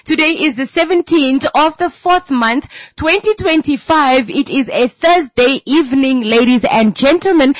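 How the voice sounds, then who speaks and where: A woman's voice: high voice, lively intonation, moderate pace, no echo. A woman hosting a live radio talk show from the studio, chatty and playful, repeating words for effect and calling her listeners darlings. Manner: playful and chatty, breaks into sung vocal riffs and sound effects. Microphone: studio microphone.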